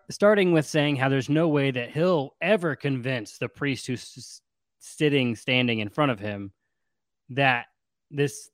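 A man hosting a casual podcast about a book, retelling it in an animated way and laughing often. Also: mid-range voice, no echo. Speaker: podcast host.

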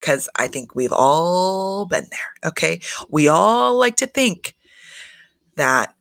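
A chatty reality-show recapper with a gravelly, fry-laced voice. Swears freely and fills gaps with "like" and "you know", talking straight to the listeners. Recorded close and dry. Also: medium pitch, sing-song, slow pace, a bit bright, dry recording. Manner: chatty, profane, frequent filler "like"; addresses listeners directly. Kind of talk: casual solo recap chat.

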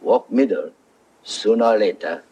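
A man's voice: fairly low pitch, animated, dark tone, breathy edge, low-quality recording. A man voicing an old, wise male karate master who speaks in clipped, broken English for a comic dubbed soundbite. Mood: instructive. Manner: clipped, halting fragments.

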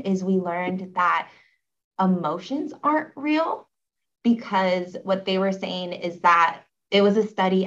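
A young woman guest on a podcast, chatting casually with lots of fillers as she tells a story. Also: medium pitch. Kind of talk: casual interview chat. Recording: dull, slightly lo-fi audio.

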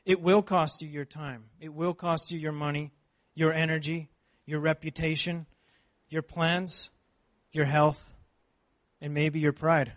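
A man preaching a sermon, reading scripture and then telling a personal story in an earnest, animated way. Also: fairly high pitch, unhurried.

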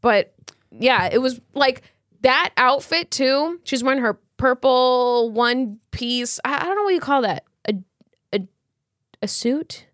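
Woman podcast cohost rambling thru a story, kinda high voice, super dry close sound. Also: animated, measured pace, a bit bright, no echo. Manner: chatty storytelling with slang and fillers. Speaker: podcast co-host. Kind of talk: casual chat.

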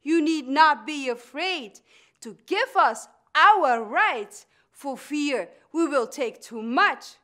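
A fierce older woman orator , as an actress puts her on, holds forth in a Dutch-influenced Northern US accent. Her voice sits high and bright, and she lays each phrase down slowly and emphatically. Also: expressive, exaggerated voice. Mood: defiant. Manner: declaiming, slow and emphatic. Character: older woman orator demanding women's rights. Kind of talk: dramatic speech reading.

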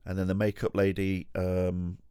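A podcast host at home rambles through a casual story monologue in a deep, low, mellow voice, at normal speed and with a completely flat delivery. He swears a lot, laughs, restarts frequently, and makes himself the joke. The sound is clean, dry, and close, with no room sound.

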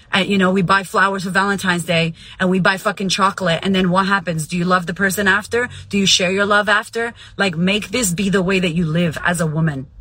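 A woman's voice: fairly low pitch, a bit bright, breathy edge, no echo, poor audio. A woman podcast host giving a fiery, profane motivational rant in a casual, emphatic way.

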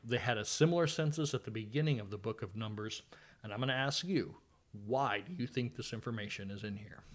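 A man's voice: medium pitch, a little fast. A man hosting a podcast, chatting casually about scripture with a guest, conversational and sometimes sarcastic. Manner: conversational, with fillers and dry sarcasm. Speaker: podcast host. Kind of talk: casual Bible study chat.

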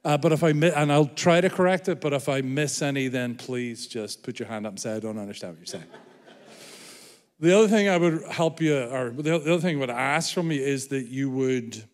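Self-mocking Irish preacher. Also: male voice, mid-range voice, fairly quick, hardly any pauses. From Ireland. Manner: self-deprecating, joking with congregation. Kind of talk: sermon. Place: church hall. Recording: reverberant church hall.

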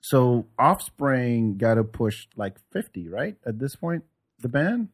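A man's voice: medium pitch, slow, husky. A man hosting a podcast, chatting casually and telling stories with comic voice impressions. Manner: animated storyteller, mimics voices for jokes. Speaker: podcast host. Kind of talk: casual comedic chat.

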